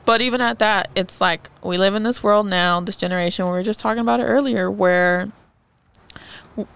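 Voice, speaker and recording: A woman's voice: medium pitch, moderate pace, creaky, fairly bright tone, slight background noise. A young woman co-hosting a podcast in casual chat, outspoken and acting out the voices of people she quotes. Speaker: podcast co-host.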